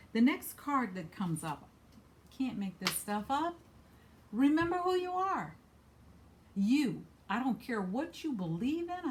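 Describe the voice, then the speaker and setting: Woman doing a spiritual card reading, earnest, keeps repeating the big lines, loud bits then soft bits. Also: a little high. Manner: earnest, emphatic, repeats key phrases. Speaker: card reader.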